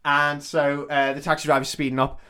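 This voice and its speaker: A man's voice: a little high, monotone, fairly quick, sharp tone, clean tone. A man co-hosting a podcast, casually retelling a film plot with lots of swearing and acted-out lines. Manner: sweary, laughs often, acts out lines. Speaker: podcast co-host.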